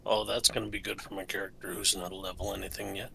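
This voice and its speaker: A man at a game table talks quickly and casually. His voice is gravelly with a very bright, sharp edge, and it sounds a bit removed from the mic. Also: low voice, level tone, a little hiss or hum. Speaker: player.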